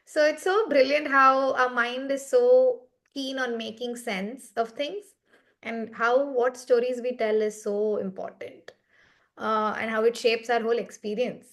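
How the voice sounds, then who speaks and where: A woman's voice: fairly high pitch, fairly even intonation, a little slow, fairly bright tone. Reflective woman telling a story. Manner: reflective, conversational, often asks "right?". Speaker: meditation facilitator. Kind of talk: storytelling in a guided meditation session.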